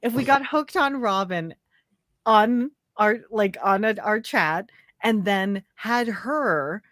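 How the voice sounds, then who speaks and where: A woman chatting as a guest in an animated, giggly way during a casual live conversation. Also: mid-range voice, slow, dry recording.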